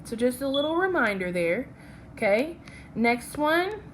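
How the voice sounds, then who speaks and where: A woman's voice: high-pitched, very animated, a little slow, slight background noise. A woman teaching a phonics lesson from slides. She is patient and checks in with "okay?" after each step.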